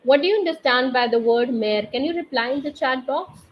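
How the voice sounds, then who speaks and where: A woman teaching a live online French class, explaining accents slowly and quizzing her students through the chat. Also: sits high. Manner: slow, patient, quizzes students via chat. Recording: slightly dull online class audio with faint noise.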